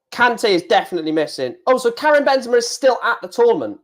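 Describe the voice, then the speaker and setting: A man's voice: very high voice, big pitch swings, quick pace, few pauses. A young man streaming a football watchalong, chatting in a rambling, jokey, self-deprecating way at a desk microphone. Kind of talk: live football watchalong commentary.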